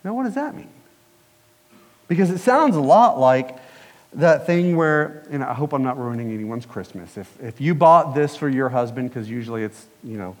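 A man's voice: medium pitch, expressive, moderate pace, big-room sound. A man preaching a sermon as pastor, conversational and putting questions to the congregation.

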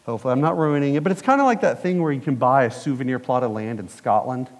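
A man's voice: medium pitch, animated, fast, in a large hall. A man preaching a sermon as pastor, conversational and putting questions to the congregation.

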